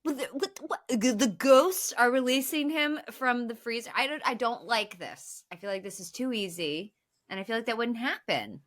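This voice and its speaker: A woman's voice: on the high side, normal speed, a bit bright. A woman co-hosting a podcast in casual chat, giving opinionated, brief reactions. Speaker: podcast co-host.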